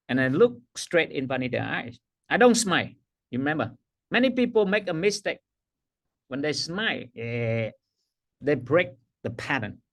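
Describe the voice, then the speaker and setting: A middle-aged man runs a coaching workshop, speaking emphatically, repeating his key phrases, and laughing at himself. His voice is on the high side and sing-song, at a normal speed.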